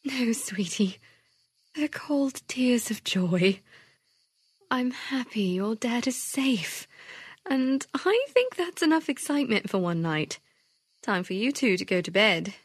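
Casting: woman reading a soft, loving mom for a storybook. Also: on the high side, expressive, unhurried, husky, no echo, clean studio sound. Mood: tender. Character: loving mother.

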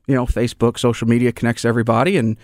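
A man's voice: medium pitch, level tone, very fast, no echo. Male co-host, casual storyteller, mid voice, dry sound. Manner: chatty storyteller. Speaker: co-host and gun shop owner. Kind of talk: casual chat.

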